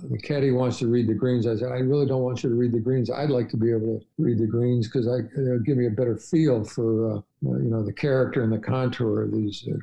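A man's voice: medium pitch, vocal fry, mellow, muffled recording. An older man telling travel stories as a podcast guest, rambling with many fillers and restarts. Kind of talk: casual storytelling interview.

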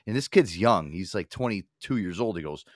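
A podcast host in his thirties tells animated stories in casual talk, swearing plenty along the way. His voice is lowish and moderately paced, with clean studio sound and no echo.

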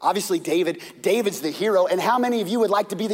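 A middle-aged man preaching a sermon as pastor, telling the story dramatically with shouts and hushed whispers. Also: sits high, racing, hardly any pauses, long reverb tail.

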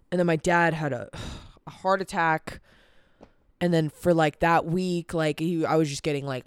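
Tired 18 yr old podcaster rambling and swearing, smooth clear voice, dry close sound. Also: medium pitch, dry recording. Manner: rambling, sweary, lots of "like" fillers. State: tired, stressed. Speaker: podcast host. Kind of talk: casual vlog-style chat. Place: cold indoor room. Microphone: camera on a timer.

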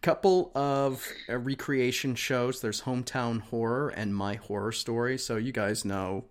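A man's voice: mid-range voice, unhurried. A man from Wisconsin co-hosting a casual chat podcast, wry and offhand as he skims through listings. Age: 30s or older. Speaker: podcast co-host.

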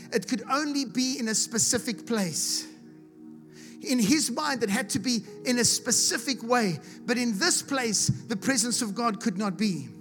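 A man from South Africa preaching a sermon with passion, building to shouts and repeating himself as he retells a story. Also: extremely high pitch. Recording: music playing behind the voice.

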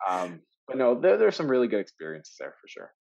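A man who works as an actor, telling stories in a casual podcast chat, animated, laughing often and full of fillers. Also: mid-range voice, quick pace, gravelly, lo-fi sound. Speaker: actor guest.

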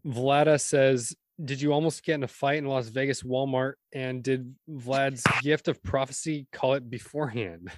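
A man co-hosting a casual chat, reading listener questions aloud slowly. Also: medium pitch, steady tone.

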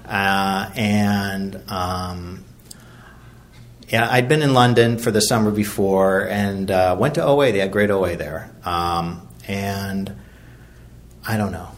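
A man's voice: sits low, slow pace. A middle-aged man from Virginia sharing his recovery story at a meeting, rambling and self-deprecating, with many fillers and restarts. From Virginia, USA.

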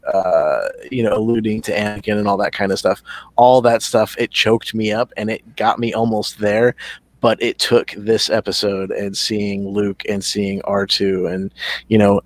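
Low-voiced man on a dry mic. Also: dry recording. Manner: halting, with repeated starts. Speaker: podcast co-host. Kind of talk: casual chat.

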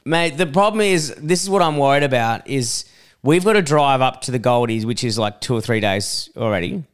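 An Australian man in his young adult years, co-hosting a casual podcast chat. His voice sits at a middle pitch and sounds smooth and clear. He talks loosely, drops swear words, and slips into little impressions as he tells stories. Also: normal speed. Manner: swears freely, animated storytelling with impressions. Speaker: podcast co-host.

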